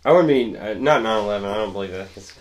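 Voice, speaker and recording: A man's voice: on the low side, fast, dull audio. A young man telling stories in a casual podcast chat, rambling and laughing often. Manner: laid-back rambling storyteller, laughs often. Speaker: podcast co-host.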